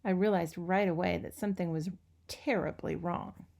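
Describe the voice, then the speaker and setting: A woman reading a children's book aloud with expressive, lively storytelling. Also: fairly low pitch, normal speed, gravelly. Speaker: reader.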